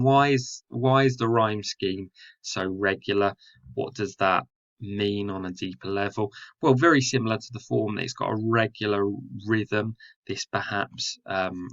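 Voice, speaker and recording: A man's voice: low-pitched, bright, forceful tone, dull audio. A man teaching a recorded lesson on a poem. He explains step by step and often says "so remember" and "um". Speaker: English teacher.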